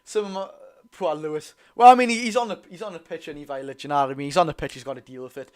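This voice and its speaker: A young man with a Geordie accent giving excitable, partisan live commentary on a football match for his viewers. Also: fairly high pitch, rapid-fire. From North East England. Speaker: football fan streamer.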